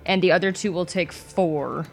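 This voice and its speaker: A woman's voice: lowish voice, moderate pace, creaky, faint music behind. Brash, foul-mouthed woman player. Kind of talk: casual tabletop play.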